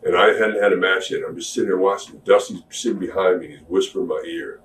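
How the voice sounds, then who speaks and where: A man's voice: low-pitched, fairly even intonation, fast, fairly bright tone. A man being interviewed about his past career, telling rambling stories in a laid-back way with self-deprecating humor. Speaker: interview guest, former wrestler. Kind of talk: casual storytelling interview. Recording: echoey room, distant mic, faint hiss.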